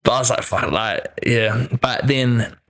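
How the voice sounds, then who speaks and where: A young man chats as a guest in a relaxed, amused way. His voice sits at an ordinary mid pitch. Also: unhurried. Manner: relaxed, laughing, easygoing storyteller. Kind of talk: casual chat.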